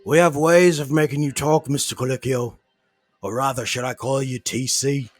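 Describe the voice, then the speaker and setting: A man voicing a menacing male henchman in a would-be Irish villain accent, delivered loud and theatrical. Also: mid-range voice, fairly even intonation, normal speed, soft background music, natural voice.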